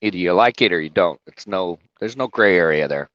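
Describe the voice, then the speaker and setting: Speaking into a phone from his truck cab, a trucker rambles and swears on a livestream, calling out viewers by name as he drives. The low voice is expressive, fairly quick and a bit bright, with no room sound and the highs cut off.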